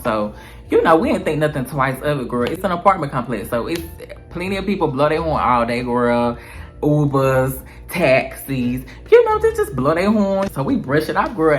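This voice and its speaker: A woman telling a story in a casual, animated, slangy way, calling her viewers girl and honey. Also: rumbling low.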